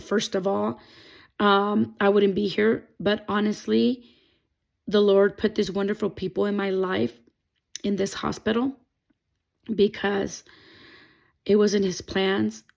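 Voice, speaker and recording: Woman with a heavy gravelly fry, casual testimony vlog, earnest and rambling. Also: medium pitch. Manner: rambling, many fillers like "like" and "um"; emotional, earnest. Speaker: testimony vlogger. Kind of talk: personal faith testimony, casual storytelling.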